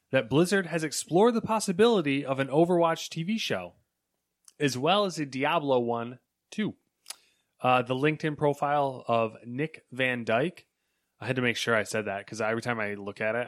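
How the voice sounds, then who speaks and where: A man's voice: mid-range voice, fairly quick, no echo, studio quality. A young man co-hosting a casual podcast, reading gaming news items aloud with frequent ums and chatty asides.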